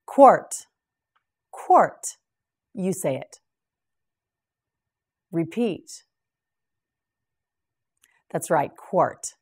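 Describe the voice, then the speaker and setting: A woman leads a beginner English drill, sounding each word out with great care and repeating it for the learner. Her voice sits somewhat low, but her pitch rises and falls widely as she speaks. She takes her time over every word. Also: sing-song, drawn-out words, pauses often, darkish tone, husky. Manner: carefully enunciated, repeats each word for the listener. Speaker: English teacher. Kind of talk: slow vocabulary drill for beginners.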